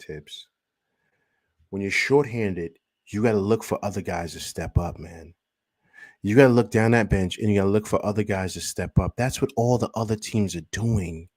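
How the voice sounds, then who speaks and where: A man's voice: fairly low pitch, moderate pace, darkish tone, no echo. A man hosting a sports reaction show, talking heatedly and firing off rhetorical questions. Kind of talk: fan reaction commentary.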